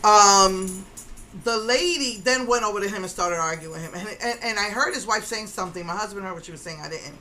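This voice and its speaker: A middle-aged woman vlogger tells the camera about a confrontation in a casual, indignant way, repeating herself and acting out what other people said. Her voice is medium-pitched, fairly quick and bright, with a forceful tone. The low-quality recording carries a little hiss or hum.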